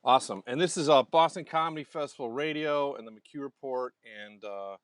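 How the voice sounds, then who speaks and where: A man's voice: mid-range voice, a little fast, dry recording. A man hosting a comedy radio show, chatting casually with a joking, self-deprecating manner. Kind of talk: casual interview chat. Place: radio studio.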